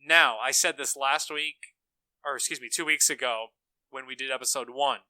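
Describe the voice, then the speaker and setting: A man's voice: mid-range voice, fairly even intonation, normal speed, sharp tone, no echo, poor audio. A man co-hosting a podcast, talking through his opinions on films in an emphatic, opinionated way. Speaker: podcast co-host. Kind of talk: casual film discussion.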